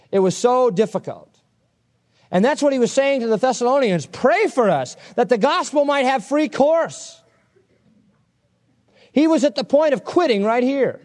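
A man preaching an expository sermon, emphatic and conversational, telling stories from his own life. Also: high-pitched. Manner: animated, emphatic, conversational storytelling.

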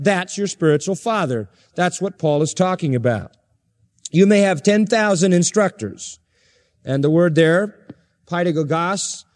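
A high-voiced male pastor delivers an expository sermon. He speaks emphatically, driving each point home with chains of repeated parallel phrases.

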